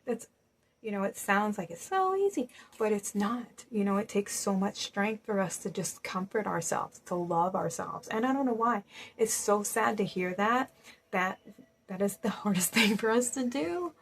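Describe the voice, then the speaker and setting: A woman giving a gentle spiritual reading to viewers, reassuring and casual, with many "you know"s. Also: medium pitch, animated, normal speed, a little hiss or hum, low-quality recording. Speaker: spiritual card reader. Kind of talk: intuitive tarot-style reading to viewers.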